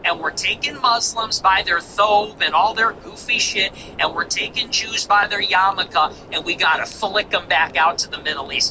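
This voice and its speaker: A man's voice: sits high, measured pace, noisy background. A male host delivering a heated, profane, mocking monologue. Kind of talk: ranting monologue.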